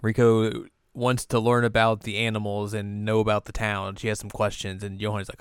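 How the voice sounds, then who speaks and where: A man casually recapping an anime episode, acting out the characters' lines in high squeaky voices. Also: completely flat delivery, normal speed, few pauses, clean tone, no room sound, studio quality. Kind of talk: casual reaction chat.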